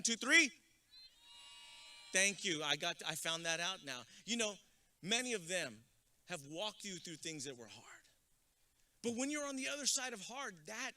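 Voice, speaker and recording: A man from San Antonio, a guest speaker giving a rousing motivational graduation speech, mixing personal stories and jokes with shouted calls to the crowd. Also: very high voice. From San Antonio, Texas. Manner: storytelling with jokes.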